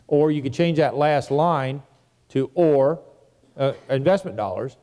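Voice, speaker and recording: A man's voice: mid-range voice, animated, moderate pace, dark tone, long reverb tail. A man teaching a seminar on real estate investing, walking the audience through a phone script step by step in a conversational way. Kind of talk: seminar lesson.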